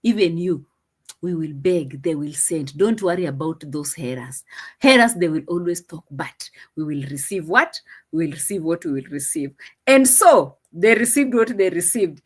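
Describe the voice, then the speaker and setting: A woman's voice: lowish voice, lively intonation, moderate pace, husky. A woman with a Swahili accent, chatting casually as she reacts to a video, teasing and repeating herself. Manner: chatty, teasing, repeats phrases, laughs often. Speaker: reaction commentator.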